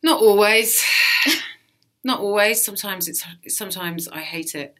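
A woman, a stand-up comedian, chatting casually in an interview and telling lively, sweary stories in which she acts out other people's lines. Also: medium pitch, measured pace. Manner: lively storyteller, swears freely, acts out quotes.

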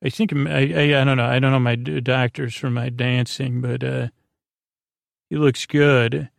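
A man hosting a sleep podcast, retelling a story in a halting, rambling way full of fillers and restarts. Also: medium pitch, level tone, vocal fry, no echo, studio quality. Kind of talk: drowsy rambling recap.

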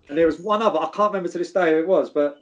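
A man, a former footballer, telling animated anecdotes and swearing freely. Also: on the high side, fast talker. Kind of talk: casual storytelling.

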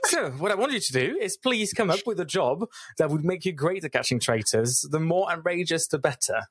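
A man's voice: a little high, lively intonation, brisk, slightly rough, dry recording, clean studio sound. A man co-hosting a casual podcast, chatty and running a playful segment. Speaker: podcast co-host.

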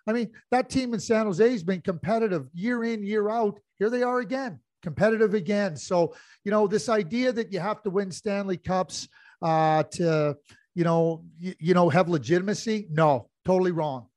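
Male hockey analyst, slightly high voice, dry close sound, halting analytical delivery. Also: darkish tone, no echo. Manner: analytical, many restarts and fillers. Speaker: podcast co-host, hockey analyst. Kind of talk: casual sports chat.

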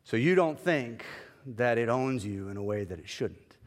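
A man voicing a patient, amused, fatherly male God who teases gently and speaks unhurriedly. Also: mid-range voice, lively intonation, moderate pace, big-room sound, pitched below the performer's own voice, close to an everyday voice. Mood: gentle, teasing.

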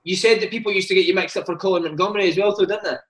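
A man's voice: sits high, very fast, a bit bright. A man hosting a casual interview, prompting his guest with short questions. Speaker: podcast host, interviewer.

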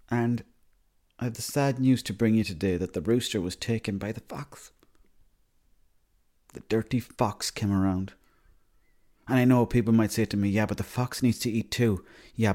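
A young Irishman with a fairly low voice rambles through a comic monologue. He keeps it deadpan and throws in plenty of swearing. His tone stays warm and mellow. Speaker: comedy monologuist.

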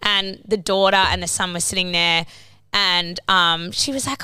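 A woman, a podcast co-host telling stories in a casual, sweary, animated way and acting out the voices of the people in them. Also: medium pitch, moderate pace, clean tone, dry recording. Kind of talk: casual storytelling chat.

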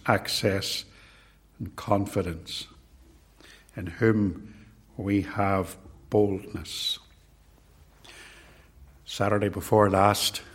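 An older man preaching a sermon, slow and measured, repeating key words for emphasis. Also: fairly low pitch, fairly bright tone.

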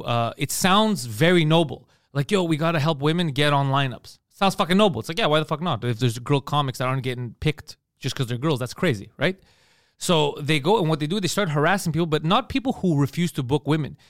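A man's voice: a little high, animated, fairly quick, dry recording, clean studio sound. A man hosting a casual comedy podcast who rants bluntly and profanely and acts out other people's voices.

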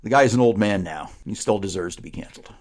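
A man's voice: lowish voice, lively intonation, quick pace, a little mellow. A man co-hosting a podcast, riffing sarcastically in casual chat. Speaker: podcast co-host.

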